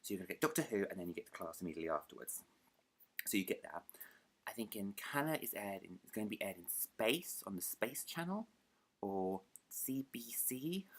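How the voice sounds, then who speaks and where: Low-voiced rambling British vlogger. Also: male voice, sing-song, brisk. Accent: British English. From United Kingdom. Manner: chatty, self-deprecating, rambling with restarts. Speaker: book vlogger. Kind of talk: casual chat to camera.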